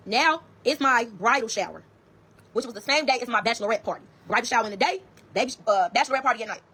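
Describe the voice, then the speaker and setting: Fairly high and slightly rough, the woman's voice moves at a quick pace. She has a Chicago accent and narrates a story to viewers in a blunt, foul-mouthed, animated way, voicing the dialogue herself.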